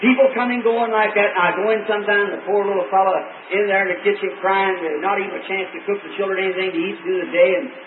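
A man's voice: high-pitched, steady tone, fast, few pauses, slight background noise. Man, preacher, revival sermon, folksy and fervent, echoey hall, distant from the mic. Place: meeting hall with congregation. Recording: tinny lo-fi old recording, roomy and distant.

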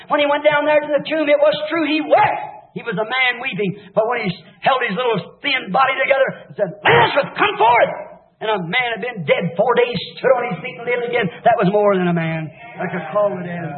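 A man preaching an impassioned revival sermon, fervent, swinging between shouts and hushed low passages. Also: fairly quick. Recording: echoey, tinny old sermon tape.

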